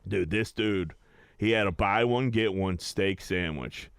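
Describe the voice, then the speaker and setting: Low, smooth-voiced young man telling a story. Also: measured pace, no echo, clean studio sound. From Pittsburgh area, USA. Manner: animated storyteller, swears a lot, acts out customers' lines. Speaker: podcast host. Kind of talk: casual storytelling chat.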